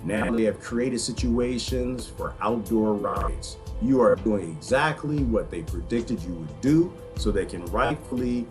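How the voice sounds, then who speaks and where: A man putting on a slow, grave voice of a solemn male mentor figure, reading ominously. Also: lowish voice, animated, a little mellow, soft background music, voice pushed down.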